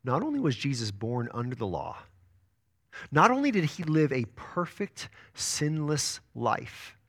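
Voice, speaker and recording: Man preaching with swelling intensity. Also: fairly high pitch. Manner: earnest preaching with sharp rises and soft drops; stumbles and restarts words. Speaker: pastor. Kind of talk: sermon.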